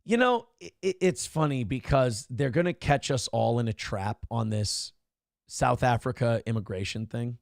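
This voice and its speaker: A man's voice: medium pitch, animated, moderate pace, gravelly, no echo, clean studio sound. A man hosting a casual live-stream talk show, reading donations and ranting with mocking impressions. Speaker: host.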